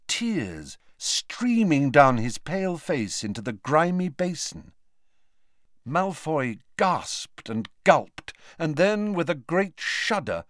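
A man reads a novel aloud as a dramatic audiobook narrator. His delivery is slow and unhurried, and his pitch rises and falls with the action. The sound is close and dry. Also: a bit bright, dry recording. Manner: dramatic storytelling. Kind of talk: scripted narration.

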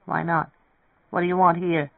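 A reader voicing a bitter, withdrawn young man who speaks low and quiet, over a tinny, dry radio recording. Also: little pitch movement, normal speed, vocal fry, no echo, lightly acted.

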